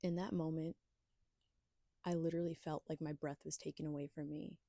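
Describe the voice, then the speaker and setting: A woman with a low, mellow voice shares a personal story on her podcast. She talks candidly and with emphasis, and the sound is close and dry. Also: flat delivery, brisk, no echo. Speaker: podcast host.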